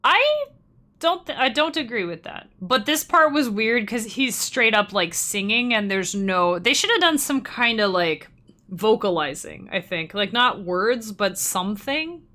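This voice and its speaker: Bright-voiced chatty woman streamer. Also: medium pitch, lively intonation. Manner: chatty, talks to chat, quick laughs. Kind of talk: casual live-stream chat while gaming.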